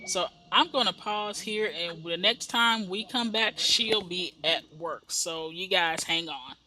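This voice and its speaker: A woman's voice: lowish voice, unhurried, sharp tone, poor audio. A woman from the Midwest chatting in a rambling way while she narrates her life-sim gameplay, acting out the people in her stories. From American Midwest. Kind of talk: casual chat while playing a life-sim game.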